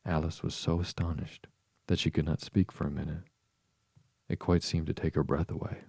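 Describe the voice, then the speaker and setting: A man slowly reading a story aloud to lull listeners to sleep. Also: a bass voice, vocal fry, breathy edge, no room sound, clean studio sound. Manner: calm, unhurried. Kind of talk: slow bedtime reading.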